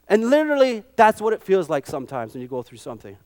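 A middle-aged man preaching a sermon, impassioned and rising to shouts, with repeated calls of "come on". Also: high-pitched, big pitch swings, quick pace, few pauses.

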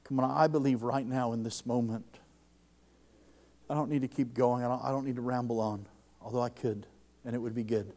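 A man preaching a sermon to a congregation, fervent, and his voice rises loud when he quotes others. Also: mid-range voice, steady tone, brisk.

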